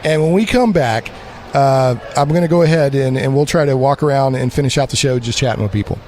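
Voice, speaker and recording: A man's voice: mid-range voice, fairly quick, noisy background. A man hosting a live radio broadcast from a comic convention floor, interviewing in a rambling, enthusiastic way with lots of restarts. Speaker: radio host.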